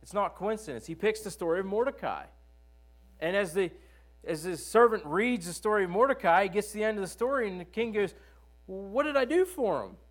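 A man's voice: high voice, brisk, a bit bright. A man preaching a sermon who retells the story conversationally and often asks rhetorical questions.

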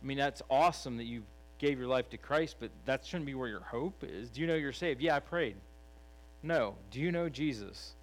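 A man's voice: mid-range voice, brisk, rough recording. A middle-aged man preaching a sermon in an earnest, conversational way, rising for emphasis on key points.

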